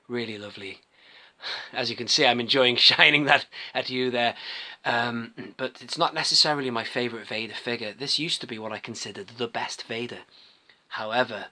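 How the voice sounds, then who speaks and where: Male collector vlogger, casual show-and-tell, crisp bright tone, enthusiastic and digressive. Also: medium pitch. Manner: rambling, enthusiastic, restarts often.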